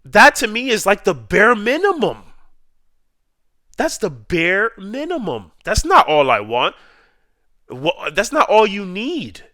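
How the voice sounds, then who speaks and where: A man's voice: high voice, wildly swooping pitch, pushed and bright, no room sound, clean studio sound. A man delivering an emotional, heated fan rant about his football team, repeating points for emphasis. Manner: heated, repetitive, drawn-out emphasis. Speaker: sports YouTuber ranting.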